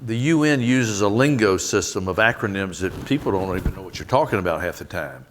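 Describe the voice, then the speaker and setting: A man with a Southern US accent, answering questions earnestly in a public onstage conversation, with folksy, quick quoted asides. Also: deep voice, expressive, slight background noise. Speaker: guest, head of an aid agency.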